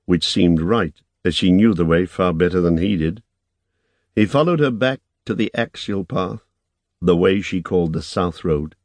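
A man narrating an audiobook in a measured, even storytelling manner. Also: deep voice, no room sound.

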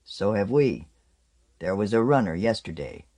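A man voicing an old tribal chief, shrewd and gruff, with a cracked bass voice. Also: big pitch swings, normal speed, darkish tone. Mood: gruff, measured. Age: older.

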